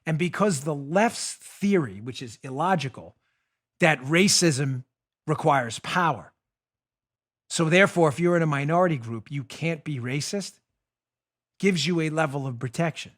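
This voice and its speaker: Male host, animated, mocking, ranting, high for a man, studio mic. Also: moderate pace. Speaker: show host. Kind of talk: political commentary.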